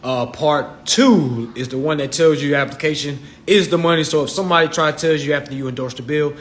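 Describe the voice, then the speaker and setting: Fairly high-pitched and brisk, a male financial self-help lecturer livestreams from his home, cursing freely in a streetwise way, cracking himself up and slipping into mock voices.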